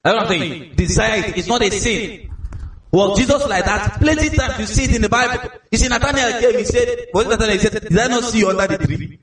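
A Nigerian man preaches a sermon with a fairly high voice. He tells stories with energy and often repeats his words. He sounds far from the mic, and his voice booms around a big echoing hall. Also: brisk. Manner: lively storytelling with repeated words.

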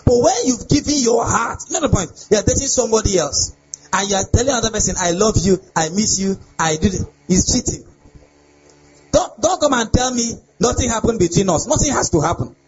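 A young adult man, a pastor, preaching a lively sermon on relationships and often asking his listeners if they get the point. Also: high-pitched, a little fast, slightly rough. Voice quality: animated preaching with laughs and repeated rhetorical questions. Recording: dull lo-fi sound with faint ambience.

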